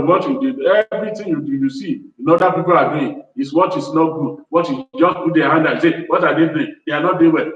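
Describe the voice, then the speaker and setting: A man's voice: a little high, fairly bright tone. A man hosting a business show, giving a motivational talk in a repetitive, pleading way. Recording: distant, roomy, dull sound.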